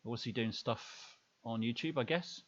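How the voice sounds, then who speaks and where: A man's voice: mid-range voice, normal speed, a bit bright, lo-fi sound. A man hosting a casual live stream, rambling along with many fillers and restarts.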